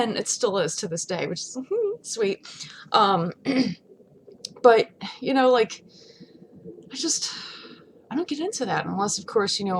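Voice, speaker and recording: A woman vlogging from home in a casual, chatty rant, laughing often and swinging between loud outbursts and hushed asides. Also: mid-range voice, a little hiss or hum. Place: home, not in her studio.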